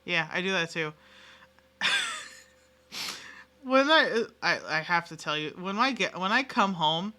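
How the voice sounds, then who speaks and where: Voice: mid-range voice, lively intonation, a little slow, long pauses, pushed and bright. A game streamer in a casual live-stream chat with viewers, rambling and self-mocking, giggling often and swearing freely.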